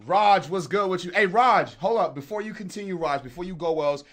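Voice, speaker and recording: Lively joking beat producer, man. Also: sits high, fairly quick. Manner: animated, joking, talks straight to the chat. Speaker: beat producer streaming live. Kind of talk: casual livestream chat while making beats.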